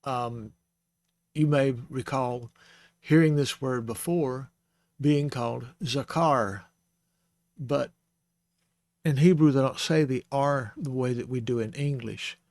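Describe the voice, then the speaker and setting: Slow and often pausing, a man with a medium-pitched, slightly mellow voice teaches the Hebrew alphabet informally on a close mic. He's a Bible Hebrew teacher who speaks patiently, spelling out sounds and correcting himself as he goes.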